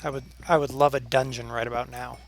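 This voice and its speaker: A man's voice: medium pitch, little pitch movement, fast, a little hiss or hum, rough recording. A man hosting a let's play, chatting casually while playing and sometimes dropping to a near whisper as he concentrates. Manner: drops to a near whisper while focused on the game. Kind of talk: casual gameplay chat.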